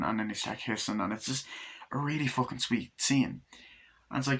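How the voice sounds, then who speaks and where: A man's voice: medium pitch, quick pace, pushed and bright. A man casually retelling a film in a vlog, rambling with lots of "like" and swearing now and then. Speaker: movie reviewer. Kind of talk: casual movie review vlog.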